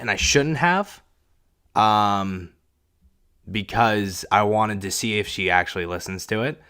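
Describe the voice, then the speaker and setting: A podcast host records a solo show from a couch in an echoey room at home, using a podcast mic with a pop filter. His mid-range voice is a bit bright, and he talks casually, rambling and self-deprecating, full of fillers and restarts.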